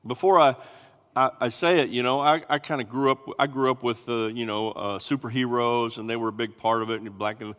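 Animated male preacher in a reverberant hall. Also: a little fast. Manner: animated preaching, acts out scripture voices with big pitch swings. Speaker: pastor. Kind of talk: sermon.

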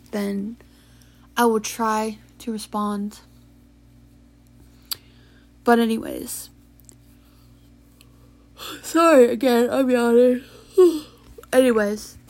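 Sleepy young woman, slow confessional podcast. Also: mid-range voice. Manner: soft, tired and halting, yawning and sighing, with whispered stretches. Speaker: podcast host. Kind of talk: late-night confessional podcast monologue.

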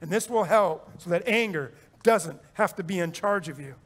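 A man preaching a sermon as pastor, swinging between loud urging and quiet reflection, repeating phrases and joking with the congregation. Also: high voice, moderate pace. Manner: repeats phrases for effect, jokes and chuckles.

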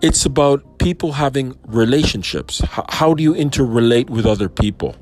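A man speaking in a reflective personal monologue about faith, thoughtful and questioning, with frequent pauses and fillers. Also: mid-range voice, expressive, a little mellow. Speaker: Christian believer reflecting on a sermon.

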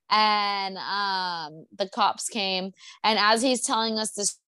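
A woman's voice: mid-range voice, steady tone, measured pace, few pauses, sharp tone, clean tone, no echo. A young woman telling a story in a casual chat at her apartment, rambling and swearing with lots of fillers.

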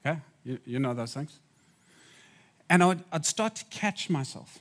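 A man delivers a sermon in a loose, chatty manner. His voice sits somewhat high, and he breaks off for quick asides to the crowd. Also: lively intonation. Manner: conversational, asides to the audience. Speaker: preacher.

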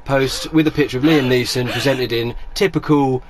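A man co-hosting a podcast, swearing freely and setting up his stories in animated casual chat. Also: medium pitch, moderate pace, crowd noise. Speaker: podcast co-host.

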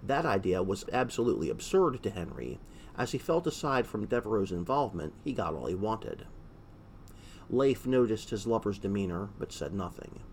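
Male audiobook narrator, low gravelly voice, faint hiss. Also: big pitch swings, moderate pace.

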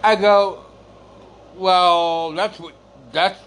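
Man, high animated voice, slow rambling rant, occasional coughs, light background hiss. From United States. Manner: exasperated, rambling, swears, repeats words. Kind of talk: casual storytelling rant.

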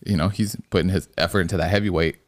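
Fast-talking deep-voiced man, casual sports chat. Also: no room sound. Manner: swears a lot, excitable, says bro. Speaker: podcast co-host.

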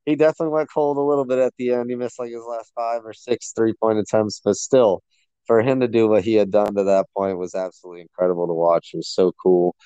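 A man's voice: on the low side, steady tone, fast talker, dark tone, smooth, dry recording, dull audio. A man co-hosting a sports podcast, talking enthusiastically and rambling with lots of fillers. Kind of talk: casual sports chat.

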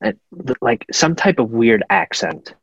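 A man's voice: on the high side, expressive, a little slow, creaky, slightly rough, no echo. A man co-hosting a casual film review podcast, laid-back and profane, with hesitant restarts. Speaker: podcast co-host. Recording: dull muffled home mic.

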